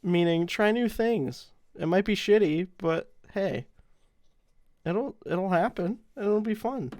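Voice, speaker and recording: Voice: mid-range voice, expressive, slow pace, darkish tone, dry recording. A podcast host chatting casually, laughing easily and teasing.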